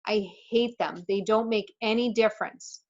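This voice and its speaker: A self-conscious ten-year-old boy, whining and miserable, as a woman reads him aloud. His voice sits at a middling pitch. The recording sounds a little dull. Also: steady tone, moderate pace, close to an everyday voice. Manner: whiny, miserable. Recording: slightly muffled recording.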